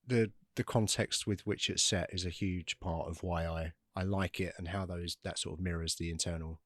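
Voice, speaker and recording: A man's voice: deep voice, fairly even intonation, moderate pace, a bit bright, no echo. A man co-hosting a film podcast, talking casually with frequent restarts and dry humour. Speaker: podcast co-host. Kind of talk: casual film-discussion chat.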